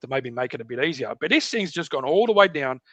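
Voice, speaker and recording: There's no room sound as a middle-aged Australian podcast guest talks at a quick pace and medium pitch. Chatting casually, he tells an animated story and acts out its voices and noises.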